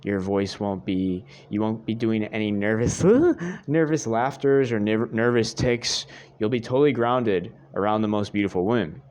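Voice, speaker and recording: The speaker is a young male dating coach talking straight to camera, earnestly restating his advice and calling viewers "guys." His fairly low voice is dark and clean, with fairly even intonation and a normal speed.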